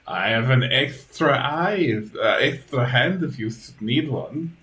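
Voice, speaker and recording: A man voicing a servile, stitched-together male creature who serves as a butler and talks in slow, formal phrases. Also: mid-range voice, expressive, sharp tone, voice pushed up, rough recording.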